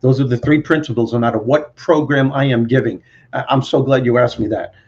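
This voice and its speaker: A man from Brooklyn with a Brooklyn accent, a guest motivational speaker telling stories in an animated, confident way. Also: mid-range voice, brisk, lo-fi sound. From Brooklyn, New York. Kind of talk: interview storytelling.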